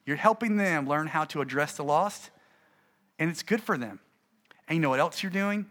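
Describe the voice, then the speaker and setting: A middle-aged man, a pastor, gives an animated, conversational talk to fellow preachers and acts out his stories. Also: fairly high pitch, normal speed, pauses often.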